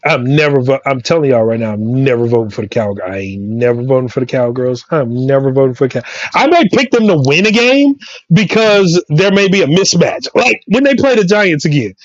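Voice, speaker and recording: A man with a Southern US accent co-hosting a sports show, delivering loud, repetitive, profane trash talk as a comedic rant. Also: medium pitch, lively intonation, a little fast, no echo. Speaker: sports podcast co-host. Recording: dry, dull lo-fi mic.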